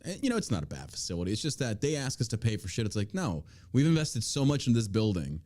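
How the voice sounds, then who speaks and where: Man, podcast host, heated profane rant, pitch swinging all over, casual studio chat. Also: big pitch swings, quick pace, darkish tone. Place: small studio.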